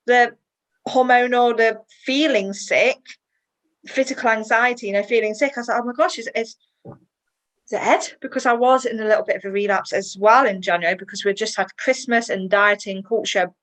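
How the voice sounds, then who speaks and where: A woman, a guest in a personal interview, chatty and emotional and quick to laugh. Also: on the high side, steady tone, fairly bright tone, low-quality recording.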